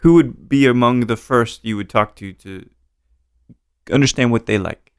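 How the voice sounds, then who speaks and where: A man's voice: medium pitch, normal speed, smooth, dry recording, clean studio sound. A man hosting a podcast, chatting casually and encouraging his guest with questions. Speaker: podcast host.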